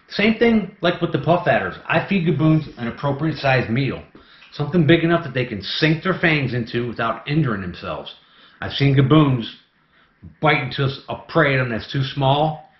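A man keeping snakes, talking through a casual how-to vlog in an excitable, chatty way. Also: mid-range voice. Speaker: snake keeper. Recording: echoey room, dull lo-fi sound.

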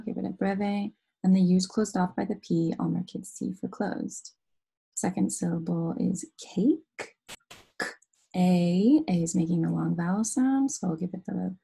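A woman's voice: fairly low pitch, vocal fry, dark tone, slightly rough. A young adult woman teaching an online phonics lesson, explaining each step patiently.

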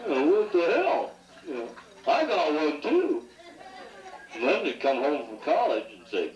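A son in middle age tells joking, meandering anecdotes as his anniversary toast, chuckling at his own tales amid crowd noise in a party room. His mid-range voice swings hugely in pitch at a slightly slow pace, and the lo-fi sound comes from a far-off, echoey 1980s home video.

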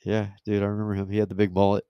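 A man co-hosting a casual podcast, talking in a laid-back, halting way with many short agreements. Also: fairly low pitch, completely flat delivery, clear, resonant tone, no echo, highs cut off. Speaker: podcast co-host. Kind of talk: casual chat.

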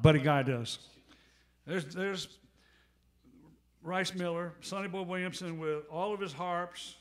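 A man, a bandleader at a live gig, telling a long anecdote between songs in a rambling, conversational way, full of asides, recorded on a stage microphone in a music club. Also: fairly high pitch. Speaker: bandleader and harmonica player.

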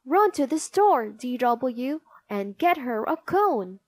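A woman's voice: sits high, sing-song, takes it slowly, no room sound, heavily acted. A woman voicing a kind, worried young boy in a read-aloud storybook. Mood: earnest. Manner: earnest, anxious calling.

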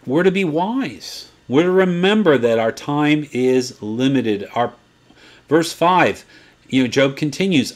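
A man in his fifties teaching from the Bible in a sermon style, swinging between quiet asides and excited high points. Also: measured pace. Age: 50s. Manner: animated, swings from low asides to excited peaks.

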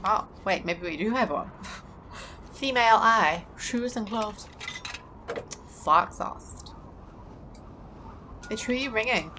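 A woman's voice: mid-range voice, lively intonation, takes it slowly, pauses often, sharp tone, slight background noise. A woman casually commentating a game, chatty and jokey, talking back to the characters. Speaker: let's play host.

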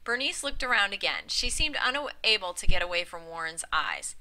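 A woman's voice: fairly low pitch, moderate pace, hardly any pauses, pushed and bright, poor audio. A woman reading a literary short story aloud as narrator, with occasional slips and restarts and a livelier lift for the dialogue. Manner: reads aloud with small slips and restarts, lifting her voice for quoted lines. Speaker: reader. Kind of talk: audiobook narration.

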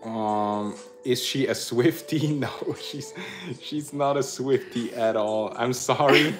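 A man's voice: medium pitch, slow pace, faint music behind. A young man hosting a casual livestream, chatting and laughing as he reads out viewer comments and thanks them. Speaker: livestream host reading chat.

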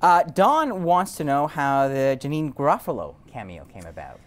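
A woman's voice: low-pitched, very animated, normal speed. A woman interviewing guests in a friendly way and reading out viewer questions. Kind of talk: casual interview.

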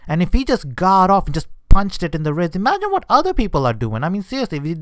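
Indignant man ranting, smooth voice. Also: fairly high pitch, no room sound. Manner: indignant ranting with frequent hesitations. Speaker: vlogger. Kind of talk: unscripted rant.

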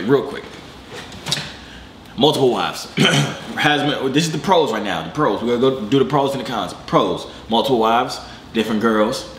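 A young man hosting a reaction video, joking in slangy casual commentary with sudden excited jumps in pitch. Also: roomy sound, a little hiss or hum.

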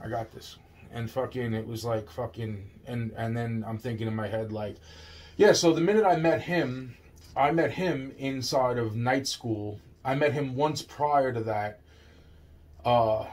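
Man telling a rambling, profane story. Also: mid-range voice. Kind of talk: rambling personal story monologue.

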